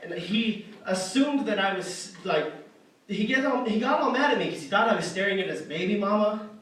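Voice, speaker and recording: A man's voice: sits high, animated, moderate pace, a bit bright, a little hiss or hum. A young man telling a rambling, self-deprecating stand-up story on stage, full of fillers and restarts. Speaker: stand-up comedian. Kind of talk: stand-up comedy set. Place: arts center stage. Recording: echoey hall from far off.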